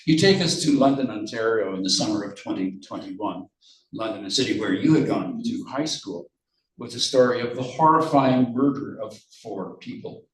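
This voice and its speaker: Man, interviewer, measured questions, roomy echo, distant mic. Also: fairly low pitch. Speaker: event host, interviewer.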